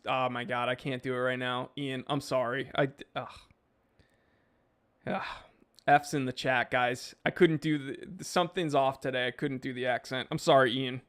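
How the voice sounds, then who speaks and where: A man's voice: medium pitch, steady tone, normal speed, a bit bright, clear, resonant tone. A man hosting a live stream, reading chat messages and answering in a laid-back, rambling way with lots of fillers.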